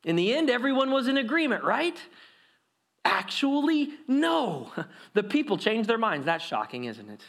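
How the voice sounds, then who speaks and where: High-voiced animated male preacher. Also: normal speed. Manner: animated storytelling, acts out crowd voices. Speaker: pastor. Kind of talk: sermon.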